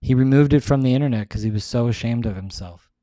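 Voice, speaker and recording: A man's voice: medium pitch, fast talker, dark tone, no echo. Rambling male host, dry sound. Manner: rambling, restarts often, many "like"s. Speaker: show host. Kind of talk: casual rambling monologue.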